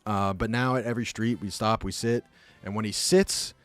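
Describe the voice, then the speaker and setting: A man's voice: fairly low pitch, steady tone, moderate pace, faint music behind. A young man telling a rambling, casual story full of fillers, talking as a podcast host. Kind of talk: casual chat.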